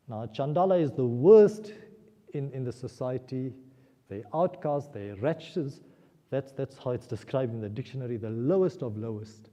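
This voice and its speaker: A man giving a spiritual discourse at a temple celebration, retelling a scripture story with animated emotion. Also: medium pitch. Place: temple hall. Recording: muffled sound in a reverberant hall.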